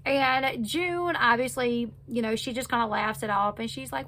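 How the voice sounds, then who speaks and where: A woman's voice: a little high, moderate pace, hardly any pauses, fairly bright tone, a little hiss or hum. A woman recapping a reality show in a casual, chatty way, full of fillers. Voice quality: chatty, loose retelling with many fillers. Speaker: recap host.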